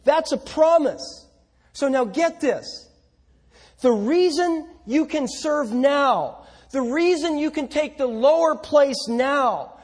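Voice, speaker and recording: Husky high-voiced male preacher. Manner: emphatic, rhetorical questions, swings between loud and soft. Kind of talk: sermon.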